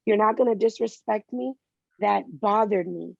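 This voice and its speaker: Woman guest, gravelly texture, candid storyteller who voices the people she quotes; dry, dull call-quality audio. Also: medium pitch, moderate pace, no echo. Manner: candid storytelling, animated quoting of others. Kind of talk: interview conversation.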